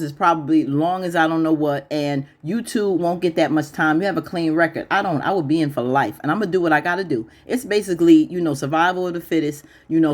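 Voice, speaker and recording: A woman with a fairly low voice talks through a TV episode in a loose, chatty recap. She is opinionated, laughs often, and jumps her voice up when she mimics the characters. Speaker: YouTube TV recap host.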